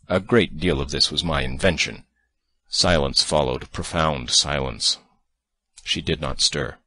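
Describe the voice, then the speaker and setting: Very deep-voiced male audiobook narrator. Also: measured pace, bright, forceful tone. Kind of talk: scripted first-person narration.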